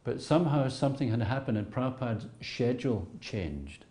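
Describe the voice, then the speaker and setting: A man recalling a personal memory in a reflective, storytelling way, often repeating words and dropping to soft asides. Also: medium pitch, very animated, fairly quick.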